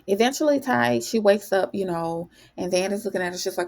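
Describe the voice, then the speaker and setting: A woman hosting a casual TV recap, chatty and animated, calling her viewers "honey". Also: lowish voice, fairly quick, few pauses. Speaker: TV recap host. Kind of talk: casual spoken episode recap.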